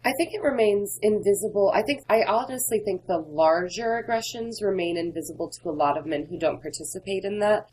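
Deep-ish woman author being interviewed, earnest, telling stories straight. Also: darkish tone, slight background noise, rough recording. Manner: earnest, candid storytelling. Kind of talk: interview conversation.

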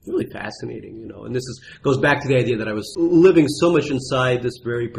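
Fast-talking gravelly man with Russian accent. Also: mid-range voice, darkish tone, a little hiss or hum. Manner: quick, self-mocking, lots of restarts. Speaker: author. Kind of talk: conversational interview. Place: apartment.

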